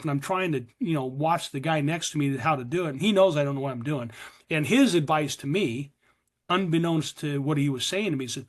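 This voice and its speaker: A man's voice: a little high, moderate pace. Earnest middle-aged man telling his story. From USA. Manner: earnest, confessional storytelling, acting out his past self. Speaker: speaker sharing his recovery story. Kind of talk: personal testimony at a recovery meeting.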